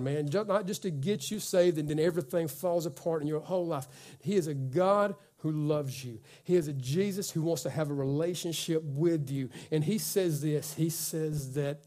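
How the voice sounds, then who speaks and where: A man with a high-pitched voice preaching in a church. He urges loudly, then drops to slow, hushed readings of scripture. His talk is folksy, full of "man" and "come on". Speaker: pastor. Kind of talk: sermon.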